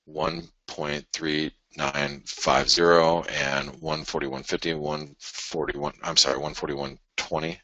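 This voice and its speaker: A man hosting a live forex show, walking through price charts in an animated, restless way, often restarting sentences and arguing with imagined viewers. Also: very deep voice, slow, hardly any pauses, no echo, dull audio. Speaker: forex market show host. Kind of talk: live trading chart analysis.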